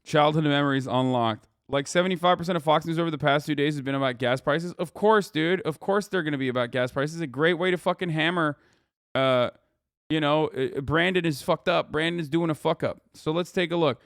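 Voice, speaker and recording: A man's voice: a little high, fairly quick, a bit bright, no room sound, clean studio sound. A man in his thirties doing casual live-stream reaction commentary, sarcastic and rambling, swearing often and filling his talk with "uh" and "like".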